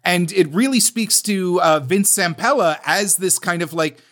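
A man's voice: sits high, measured pace, fairly bright tone. A man co-hosting a podcast in casual chat, talking loosely with many fillers and casual swearing. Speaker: podcast co-host.

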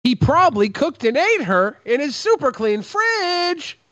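A man's voice: very high-pitched, very animated, unhurried, a bit bright, dry recording. A man co-hosting a podcast, making sarcastic remarks and speculating in casual chat. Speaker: podcast co-host. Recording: dull lo-fi mic.

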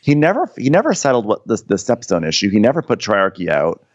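A man's voice: fairly low pitch, wildly swooping pitch, fast, no echo, muffled recording. A man co-hosting a casual comedic podcast, recapping a TV episode with wry asides.

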